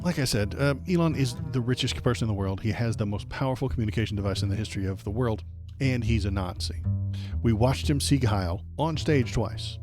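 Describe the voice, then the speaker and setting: A man's voice: medium pitch, a little fast, over music. A man ranting bluntly and sarcastically in political commentary as the host of his stream.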